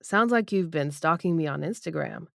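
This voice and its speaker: A woman reading a wry young man, low and teasing. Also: unhurried, creaky, darkish tone, no echo, studio quality.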